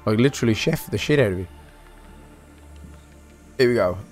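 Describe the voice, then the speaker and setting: A man from Britain giving excitable, swear-heavy let's play commentary, talking to himself as he plays. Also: fairly low pitch, moderate pace, faint music behind. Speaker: gaming channel host.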